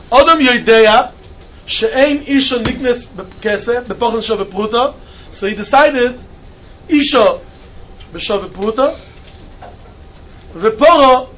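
A man giving an animated Talmud class lecture, mixing Hebrew and Yiddish terms into his English. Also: very high voice. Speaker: Talmud teacher. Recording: dull lo-fi recording with faint noise.

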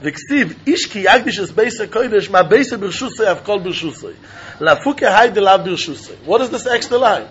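A man teaching a Talmud lesson in an animated, sing-song way, often laughing. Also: high-pitched, normal speed, breathy edge. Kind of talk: Talmud study lecture. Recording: dull lo-fi recording.

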